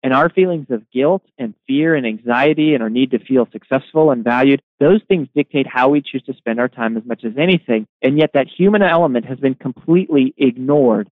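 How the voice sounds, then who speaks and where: Over a phone-like remote connection with no echo, the man answers interview questions briskly and with few pauses in a medium-pitched voice. He's an author and guest who explains his ideas and tells stories energetically, frequently repeating words at the start.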